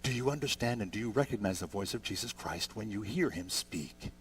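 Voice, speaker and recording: Older pastor preaching in an easy, conversational way. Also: male voice, fairly low pitch, expressive, a little fast, a little hiss or hum. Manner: conversational preaching that builds to emphatic peaks. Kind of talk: sermon.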